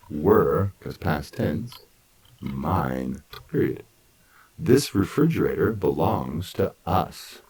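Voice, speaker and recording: A man with an extremely low, gravelly voice teaches English grammar very slowly. He breaks each sentence into pieces and repeats words one by one. His tone is husky and unhurried. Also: darkish tone, poor audio. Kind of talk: slow, deliberate grammar lesson.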